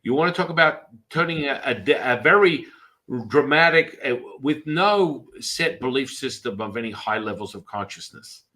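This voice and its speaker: A man's voice: medium pitch, lively intonation, moderate pace, pushed and bright, rough recording. A man, a Taoist priest hosting a podcast, chatting casually and telling rambling stories with acted-out quotes. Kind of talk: casual storytelling chat.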